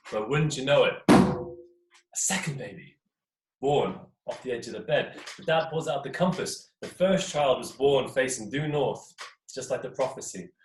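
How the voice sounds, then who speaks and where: A young man from England telling a folk tale to a live audience in a playful, chatty way, with questions for his listeners. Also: mid-range voice. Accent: English. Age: young adult. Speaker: storyteller. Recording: echoey room, mic at a distance, faint noise.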